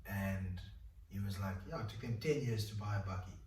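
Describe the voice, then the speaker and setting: A South African man with a fairly low voice recounts his faith story in a loose, rambling way, full of fillers and restarts. He sits some distance from the mic in an echoey room, with a faint hum of ambience underneath. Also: brisk, a little mellow. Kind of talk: candid personal testimony in a conversation.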